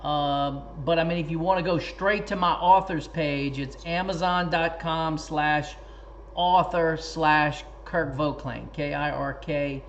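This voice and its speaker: A man as a guest author in a casual interview, telling stories in a lively way and acting out what others said. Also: fairly high pitch, slow pace, a little hiss or hum. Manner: animated, lively storyteller who acts out quoted speech. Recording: dull lo-fi recording.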